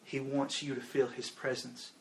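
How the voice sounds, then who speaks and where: A man's voice: mid-range voice, flat delivery, normal speed, a little hiss or hum. A young man preaching a fervent sermon at a youth revival service, calling his listeners "guys.". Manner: fervent, calls the crowd "guys".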